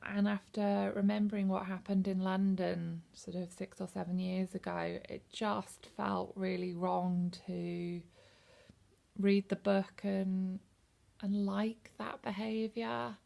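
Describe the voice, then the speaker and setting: Gravelly-voiced woman rambling through a book review. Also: medium pitch, level tone, slow pace, warm tone. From United Kingdom. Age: 30s. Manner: rambling, hesitant, many ums. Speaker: book vlogger. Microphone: camera.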